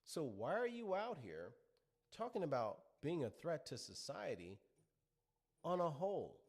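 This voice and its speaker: A middle-aged man holds forth in a preachy talk-show monologue. His pitch swings up and down as he drives home his points with rhetorical questions. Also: sing-song, unhurried. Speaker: commentary show host. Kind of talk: opinionated monologue.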